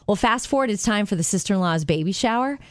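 A woman co-hosting a radio show in casual chat, telling stories in an animated way and laughing often. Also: medium pitch, fast talker, no room sound, studio quality. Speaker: radio co-host.

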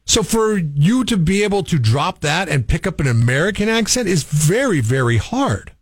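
A man co-hosting a radio morning show, chatting in an animated, opinionated way. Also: sits high, moderate pace, slightly rough, no echo. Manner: animated, opinionated, chuckles while talking. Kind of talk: casual radio banter.

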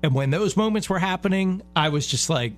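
A man's voice: high voice, lively intonation, fairly quick, soft background music. A middle-aged man hosting a radio show, chatting casually and getting heartfelt and a bit choked up.

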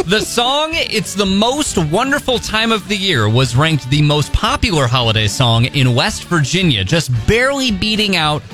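A man's voice: sits high, very animated, moderate pace, hardly any pauses, sharp tone, faint music behind. A man co-hosting a comedic morning radio show, teasing and reacting with laughs, with an American accent.

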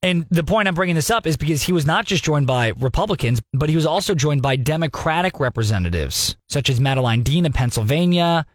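A young man hosting a radio news talk segment, giving sarcastic, animated commentary with mocking asides. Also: on the high side, fast, hardly any pauses, no room sound.

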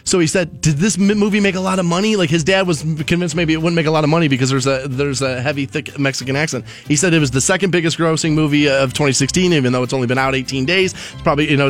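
A man hosting a casual talk show, chatting in a rambling, conversational way with frequent restarts. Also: on the high side. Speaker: radio show host.

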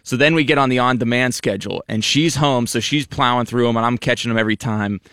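A man co-hosting a casual chat, telling an animated story about his wife. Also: medium pitch, fast talker, no echo, studio quality. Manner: animated anecdote teller.

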